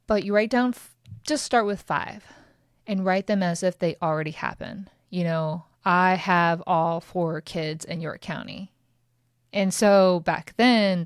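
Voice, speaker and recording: Woman podcast host in her thirties, frank and chatty, fairly low voice, dry close sound. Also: no room sound. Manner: candid and chatty, with swearing and laughter. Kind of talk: casual solo podcast talk.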